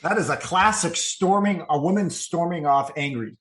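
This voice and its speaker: A man's voice: a little high, moderate pace, a bit bright. A man co-hosting a comic book podcast, adding dry jokes. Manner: joking, dry. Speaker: podcast co-host. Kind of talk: comic book review chat.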